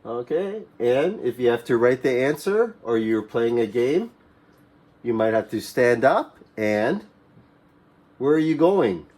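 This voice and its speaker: A man teaching a classroom English lesson to young learners, repeating simple commands slowly for them to echo. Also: mid-range voice, big pitch swings, darkish tone. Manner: slow, repeats phrases for students to echo; mimics classroom commands in a raised voice.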